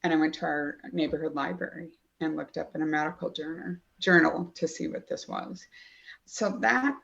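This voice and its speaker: A woman's voice: deep voice, normal speed, gravelly, a bit bright, muffled recording. A middle-aged woman, a guest mother, telling her story in earnest detail during a podcast interview. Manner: earnest, detailed storyteller who acts out quoted dialogue. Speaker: guest, mother of a child with a chronic illness.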